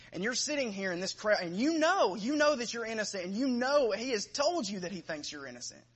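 A man's voice: sits high, fairly bright tone, breathy edge. A man preaching a sermon, reading scripture aloud with rising emphasis and then speaking plainly to his congregation.

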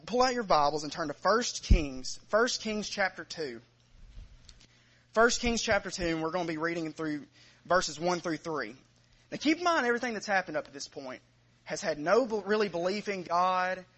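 Predigender Mann mit etwas höherer Stimme. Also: male voice, sits high, breathy edge. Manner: retelling a story with quoted voices, dropping softer for quotes. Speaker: preacher. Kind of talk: sermon storytelling.

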